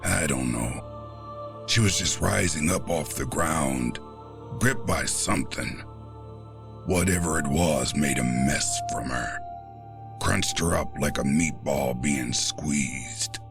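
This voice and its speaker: A man voicing a gruff old grandfather, weary and haunted, with a very deep, rough drawl, hesitant and stumbling with fillers. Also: slow, over music, exaggerated voice.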